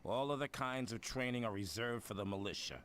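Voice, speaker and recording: A man voicing a tough male militia drill instructor in a video game, blunt and rough-spoken. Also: mid-range voice, a little fast, a bit bright, a little hiss or hum, close to an everyday voice. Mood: gruff. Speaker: game character.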